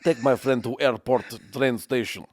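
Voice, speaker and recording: A man's voice: mid-range voice, dry recording, lightly acted. A man putting on a stern Russian rental clerk. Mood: deadpan. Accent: mock Russian. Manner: flat, slow, clipped broken English. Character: stern Russian woman at a car rental desk.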